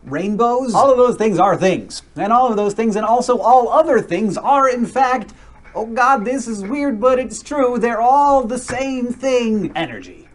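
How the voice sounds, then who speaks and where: A man's voice: extremely high pitch, animated, measured pace. A man giving scripted narration for a science video, with quirky, dramatic asides.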